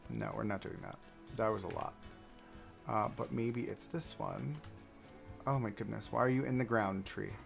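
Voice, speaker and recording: A man's voice: on the low side, moderate pace, gravelly, pauses often, soft background music. A man casually talking through a theme park building game on a livestream, rambling to himself and to the objects he places. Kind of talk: casual gameplay commentary.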